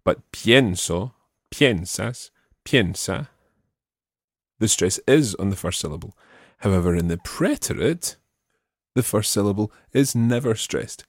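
A man's voice: on the low side, animated, moderate pace, darkish tone, dry recording, studio quality. A man teaching a Spanish lesson, patiently explaining step by step and prompting his student. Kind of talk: spoken language lesson.

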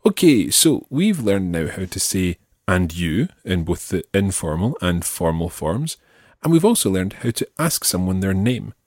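Low-voiced man teaching French phrases. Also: big pitch swings, darkish tone, no room sound, studio quality. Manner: slow, careful modelling of phrases. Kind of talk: audio language lesson.

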